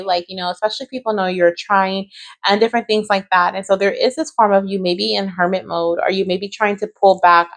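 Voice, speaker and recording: Gentle woman reading tarot cards. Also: mid-range voice. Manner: gentle, reassuring, often adds "right?" and "okay?". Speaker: tarot card reader. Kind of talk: pick-a-card tarot reading to viewers.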